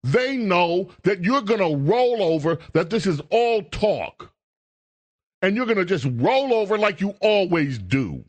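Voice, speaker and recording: A man hosting a talk radio show, scolding and emphatic in a political commentary rant. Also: sits high.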